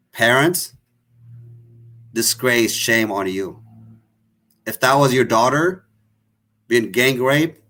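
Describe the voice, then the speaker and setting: A man's voice: mid-range voice, fairly bright tone. Impassioned man hosting. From Tigray. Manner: emotional, accusatory, repetitive. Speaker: online show host. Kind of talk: impassioned political talk.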